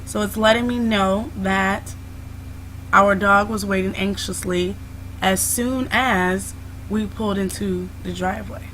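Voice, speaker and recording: A woman's voice: medium pitch, fairly even intonation, a little slow, fairly bright tone, a little hiss or hum, rough recording. Patient woman teacher explaining grammar. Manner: patient, explains step by step with many "so"s. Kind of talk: classroom video lesson.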